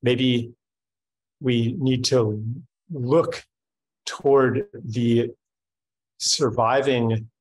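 A man's voice: medium pitch, fairly even intonation, very slow, pauses often, darkish tone, low-quality recording. A middle-aged man in a reflective conversation, talking thoughtfully with frequent restarts and fillers. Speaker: speaker in a panel conversation.

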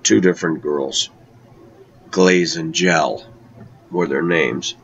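A man telling a personal travel story in a conversational way, slowing down to draw out key words. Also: extremely low pitch, vocal fry, fairly bright tone, a little hiss or hum. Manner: conversational, with slow, drawn-out emphasis. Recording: dull lo-fi recording.

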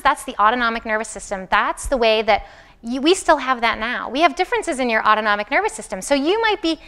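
A woman's voice: sits high, clean tone. A woman lecturer talking to a class in a conversational way, asking the students questions directly. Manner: acts out soothing and excited voices. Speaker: university lecturer. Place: lecture room.

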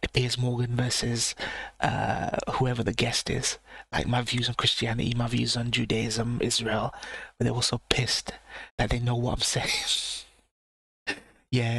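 A man hosting a late-night live-stream reaction in a hushed, low voice close to a sensitive mic, blunt and swearing as he rants. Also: creaky, slightly rough, dry recording. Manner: hushed low voice, not quite a whisper. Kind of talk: late-night livestream chat. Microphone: sensitive mic with gain turned up.

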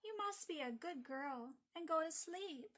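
Lady reading a sweet kind 8 year old boy, soothing and high. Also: lively intonation, unhurried, exaggerated voice. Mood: gentle. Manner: gentle and soothing. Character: kind, wise little boy of eight.

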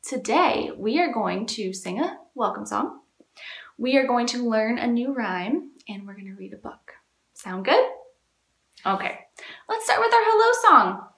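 A woman children's librarian leading a storytime, talking to young children in an animated, sing-song way. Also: fairly high pitch, a little slow, creaky. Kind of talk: children's storytime reading and singing. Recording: echoey room.

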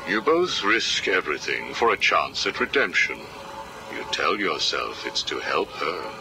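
Hugo Strange, a very deep, slow, menacing villain. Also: male voice, big pitch swings, heavily acted. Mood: menacing calm. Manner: slow, measured, coolly menacing interrogation. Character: cold calculating male villain psychiatrist, middle-aged. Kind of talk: video game cutscene acting. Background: background music.

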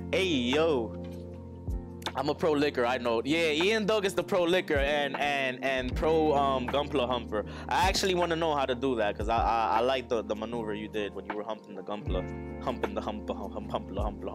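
A man streaming casually while he builds a model kit, joking crudely, laughing often and chatting to viewers. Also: on the high side. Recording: music playing underneath.

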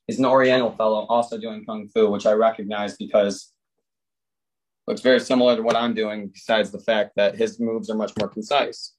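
A man's voice: on the low side, little pitch movement, moderate pace, slight background noise, poor audio. A man appearing as a defendant over a video call, telling a long, meandering joke story full of fillers.

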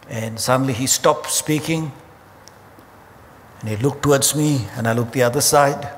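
A man preaching a sermon, telling humorous stories in an animated way. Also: medium pitch. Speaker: pastor. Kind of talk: sermon storytelling. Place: church auditorium. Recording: hall reverb with faint ambient noise.

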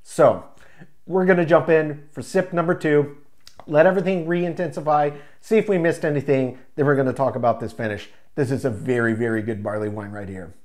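A man's voice: a little high, brisk, darkish tone. A man reviewing a craft beer in a casual, enthusiastic way, describing flavors in loving detail. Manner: enthusiastic, descriptive, savoring each word.

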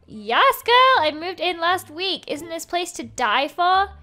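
A woman voicing a sassy, gushing villager in a video game, with bright, high emphasis. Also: big pitch swings, slow pace, faint music behind, exaggerated voice. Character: sassy, flamboyant friendly villager.

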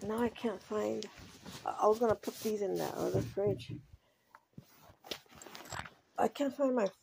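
A woman's voice: medium pitch, measured pace, gravelly, noisy background. A woman vlogging casually at home, muttering anxiously to herself, calling to her pets and slipping into Spanish phrases. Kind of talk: casual home vlog talk.

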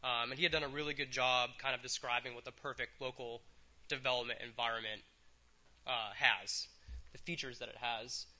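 A man presenting software at a developer conference, talking casually with lots of ums and wry asides. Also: medium pitch, steady tone, brisk. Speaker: conference speaker.

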